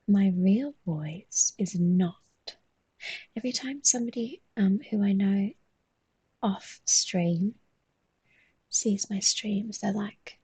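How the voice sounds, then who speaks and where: A woman talks in a soft, mostly whispered voice and yawns often as she chats with viewers on a live stream while she draws. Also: medium pitch, slow pace, pauses often, breathy edge, no echo.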